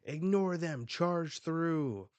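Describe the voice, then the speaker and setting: A man voicing a rowdy male pirate captain who shouts commands at his crew, reading it aloud from a comic. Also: medium pitch, slow, no echo, voice pushed up, lightly acted. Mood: commanding.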